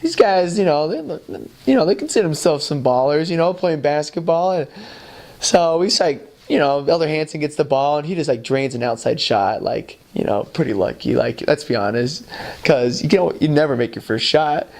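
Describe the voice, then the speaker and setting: A man's voice: fairly high pitch, normal speed. A man, a former missionary, telling a personal anecdote in a loose, chatty way and acting out other people's lines. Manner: animated storytelling that acts out other people's lines; loose and chatty, full of "like" and "you know". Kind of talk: personal anecdote told to camera.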